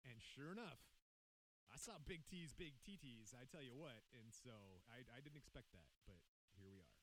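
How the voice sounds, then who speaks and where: Wry storytelling man, lively pitch. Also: moderate pace, low-quality recording. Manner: storytelling, reads quotes aloud, wry. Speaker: podcast co-host telling the story. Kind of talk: casual chat. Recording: faint hiss.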